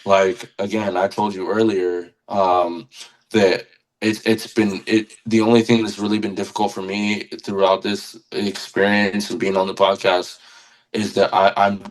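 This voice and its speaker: A man's voice: on the low side, flat delivery, unhurried, low-quality recording. A man who is a guest musician on a podcast, talking with earnest passion and often repeating words as he searches for them. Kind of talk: casual podcast conversation.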